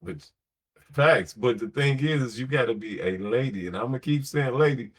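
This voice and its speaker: A man's voice: medium pitch, normal speed, breathy edge. A man talking on a late-night podcast in a blunt, slangy, emphatic way, telling stories and giving opinions. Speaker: podcast host.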